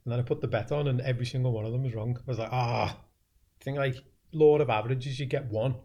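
A man's voice: medium pitch, rapid-fire, dark tone. Young man, podcast host, chatty and laughing, rambling anecdotes. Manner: laughs a lot, rambling storyteller. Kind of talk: casual chat.

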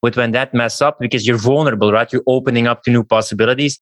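A man's voice: medium pitch, fairly even intonation, dry recording. Reflective man with a dry, close sound. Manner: reflective, measured questioning. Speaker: podcast host. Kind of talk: casual podcast conversation.

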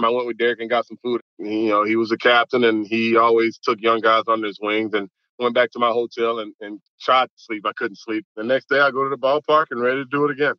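A young man from Mississippi, an athlete telling an animated story in an interview. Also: medium pitch, fast talker, smooth, no echo, highs cut off. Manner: animated storyteller, quotes people in lively voices, laughs along. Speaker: baseball player.

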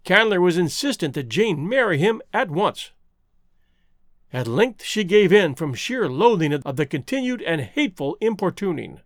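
A man narrating a classic novel as an audiobook in a measured, expressive reading. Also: sits high, no room sound, clean studio sound.

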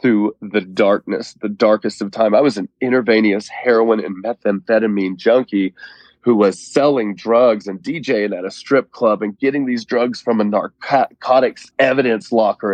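A man recounts his life story as an interview guest. His voice sits on the low side, earnest and heartfelt. The sound is dry and close, with no room echo. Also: moderate pace, a little mellow. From Oklahoma. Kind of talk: personal testimony in an interview.

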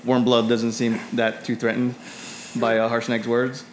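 A man's voice: medium pitch, little pitch movement, moderate pace, slight background noise. A man narrating a tabletop game as game master, hesitant, with many fillers and restarts.

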